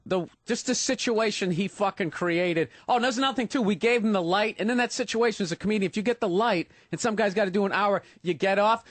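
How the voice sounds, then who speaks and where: A man with a Boston accent tells a comedy-club story in a loud, profane, laughing rush. His voice sits high for a man. The studio sound is dry and close. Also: no room sound. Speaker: guest co-host, comedian. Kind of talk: animated storytelling on radio.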